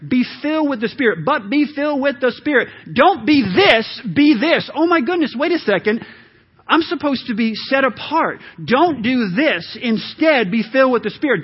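A man's voice: very high-pitched, slightly rough. A man preaching a sermon to his congregation, with a conversational, emphatic delivery and frequent asides to the listeners. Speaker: pastor. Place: church sanctuary. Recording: dull lo-fi sermon audio.

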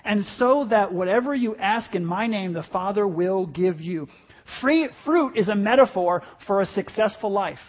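A man's voice: high voice, animated, moderate pace, lo-fi sound. A man preaching a sermon as pastor, impassioned and emphatic, repeating phrases for force.

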